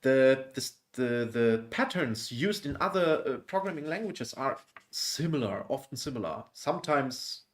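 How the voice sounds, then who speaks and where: Guest, German man, German accent, average pitch, thoughtful and hesitant, casual live chat. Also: expressive. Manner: thoughtful, measured, hesitant phrasing.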